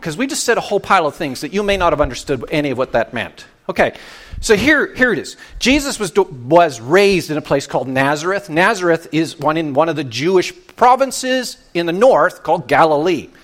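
A man from Canada, a pastor giving a conversational sermon, often restarting his phrases as he explains. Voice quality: deep voice.

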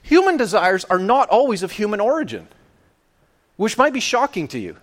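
A man preaching a sermon in an animated, playful way, acting out little scenes and quotes. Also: high-pitched, normal speed.

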